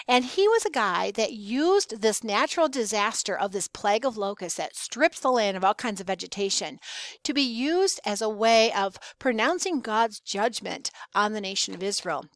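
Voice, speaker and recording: A woman teaching a Bible lesson, speaking casually to students and reading scripture aloud with deliberate stress and pauses. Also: medium pitch, no echo. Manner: conversational, with fillers and restarts.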